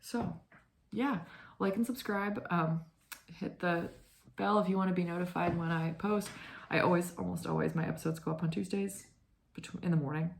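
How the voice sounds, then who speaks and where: Here a knitting podcast host in her twenties keeps things casual, wandering off topic and leaning heavily on "like" and other fillers. She has a fairly low, creaky voice, mostly even intonation, and a moderate speed.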